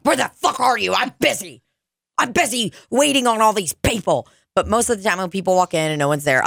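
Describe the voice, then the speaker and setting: A young woman swears freely and spins lively stories in casual podcast chat, often slipping into mocking voices. Her voice sits a little low, recorded close and dry. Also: no room sound. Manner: profane, animated storytelling with mocking put-on voices. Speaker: podcast co-host, bartender.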